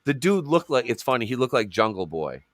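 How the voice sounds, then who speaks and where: A man's voice: mid-range voice, sing-song, brisk, a bit bright, slight background noise. A man co-hosting a podcast in casual chat. He rambles, swears constantly and acts out what people said. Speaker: podcast co-host.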